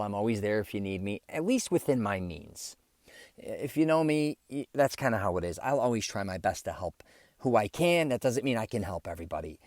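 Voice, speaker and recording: Male solo podcaster, lowish voice, dry close sound, candid rambling delivery with fillers. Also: a little mellow, no room sound. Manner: rambling, candid, self-reflective with many fillers. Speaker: podcast host. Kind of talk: casual solo podcast monologue.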